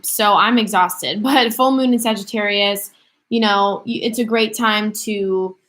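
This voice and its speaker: A woman in her twenties chats casually on her livestream, rambling through viewer questions with lots of fillers. Her voice is mid-range and a bit bright.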